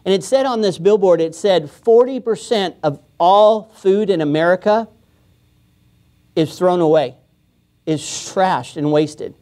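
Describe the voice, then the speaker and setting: A man's voice: sits high, unhurried, darkish tone. A man preaching a sermon as pastor, in a casual, joking way, often chuckling and acting out quoted voices. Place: church.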